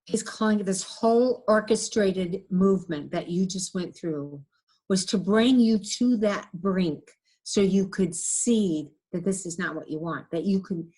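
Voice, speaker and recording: Earnest woman gently relaying messages. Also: medium pitch, husky. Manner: earnest, gentle, relays words with many "he says". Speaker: medium. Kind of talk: casual chat, relaying messages.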